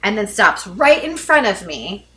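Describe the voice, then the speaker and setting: A woman in her thirties co-hosting a casual chat, telling stories in an animated, dramatic way. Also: medium pitch, measured pace. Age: 30s. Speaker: podcast co-host.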